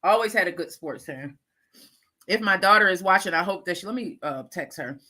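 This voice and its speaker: A middle-aged woman hosting a casual live chat with her viewers, congested and clearing her throat, animated and calling them y'all. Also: lowish voice, fairly quick. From Lackawanna, New York, USA. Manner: chatty, animated, laughing asides, calls audience y'all. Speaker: livestream host.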